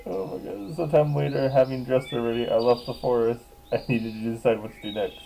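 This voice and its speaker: A man's voice: medium pitch, level tone, brisk, gravelly, dark tone, slight background noise, rough recording. A man casually reading a visual novel aloud, often laughing and breaking off to joke. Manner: giggly, reads narration aloud and breaks off to joke. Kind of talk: casual let's play commentary.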